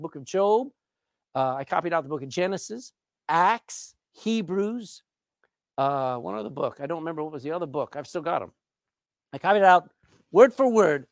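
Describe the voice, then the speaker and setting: Animated preacher, lively pitch. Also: male voice, no echo, studio quality. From Texas. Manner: emphatic, with dramatic pauses and drawn-out words. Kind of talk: sermon.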